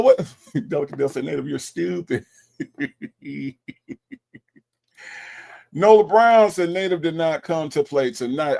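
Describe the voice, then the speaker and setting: Gravelly, lively-voiced man hosting. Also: a little high. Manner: animated, teasing, repeats words fast. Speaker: live show host. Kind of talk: mocking commentary on a call recording.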